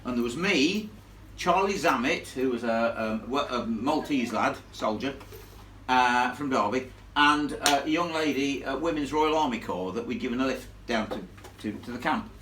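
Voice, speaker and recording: Lively man telling a ghost story. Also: medium pitch, moderate pace, a little hiss or hum. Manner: animated, blunt, salty storyteller. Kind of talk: live storytelling to an audience. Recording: echoey room filmed from far off.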